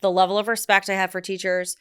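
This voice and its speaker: A woman's voice: mid-range voice, little pitch movement, quick pace, clear, resonant tone. A woman co-hosting a parenting podcast, talking earnestly in casual chat with many restarts. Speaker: podcast co-host.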